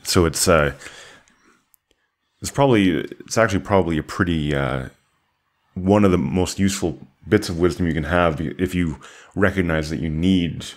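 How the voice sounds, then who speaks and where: A man's voice: sits low, moderate pace. A man co-hosting a podcast, chatting in an earnest, agreeable way. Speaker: podcast co-host. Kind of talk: casual discussion.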